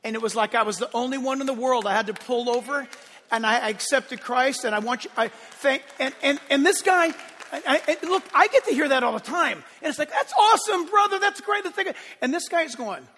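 A man preaching from the pulpit with a very high, bright, forceful voice. He hammers his points home, then drops to hushed asides. His words ring out with the long reverb of a church sanctuary. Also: fairly quick, slight background noise. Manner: emphatic preaching, swinging between loud declarations and hushed asides. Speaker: pastor. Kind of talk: sermon.

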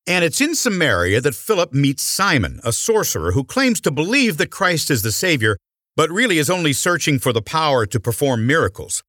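A man hosting a radio program, reading a scripted introduction in a smooth announcer manner. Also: on the high side, big pitch swings, fairly quick, fairly bright tone, no echo. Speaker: radio host. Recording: dry studio voice with faint music.

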